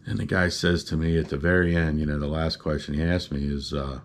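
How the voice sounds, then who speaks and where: Deep-voiced man telling a rambling story. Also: flat delivery, a little fast. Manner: rambling, good-humored, lots of "uh" and "you know". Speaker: vlogger telling a personal story. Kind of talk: casual storytelling.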